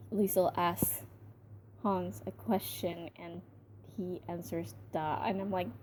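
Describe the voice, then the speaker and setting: A woman's voice: mid-range voice, dark tone, slight background noise. Chatty young woman reviewing a film. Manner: chatty and gushing, many fillers and restarts. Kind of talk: casual spoken movie review.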